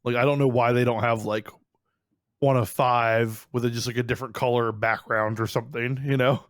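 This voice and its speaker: A man's voice: medium pitch, steady tone, normal speed, no room sound, clean studio sound. A young man with an Ohio accent co-hosting a podcast, chatting in a rambling, upbeat way with plenty of fillers. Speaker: podcast co-host. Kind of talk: casual podcast chat.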